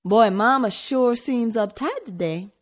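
A woman voicing a boy near his teens, a teasing but soft-hearted big brother with a brash, blustery way of talking. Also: fairly high pitch, lively intonation, measured pace, pitched above the performer's own voice. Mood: grumpy. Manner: brash, blustery, then awkwardly gentle. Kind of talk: audiobook character voice.

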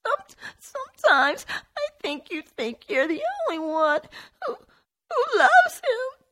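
A woman's voice: big pitch swings, normal speed. Woman voicing a teary little girl. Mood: sobbing. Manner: high, trembling, sobbing speech. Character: young girl, tearful anxious little sister. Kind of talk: audiobook character voice.

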